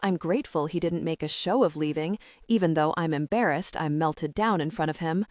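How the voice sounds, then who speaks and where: A woman narrating a first-person romance audiobook in a steady, even reading voice. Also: deep voice, a little fast, no room sound, clean studio sound.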